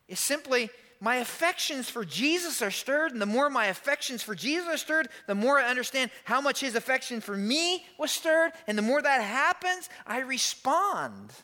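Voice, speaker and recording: A pastor preaches an animated, emphatic sermon in a high, bright voice, pressing his points hard, quoting lines, and breaking into quick asides. Each phrase trails off into a long hall reverb.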